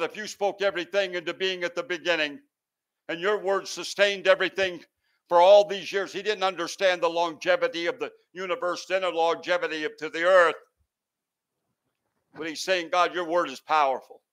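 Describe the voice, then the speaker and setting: A male pastor preaching an impassioned sermon that swells loud and sinks low, sometimes stumbling over words. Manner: impassioned, swells and drops in volume.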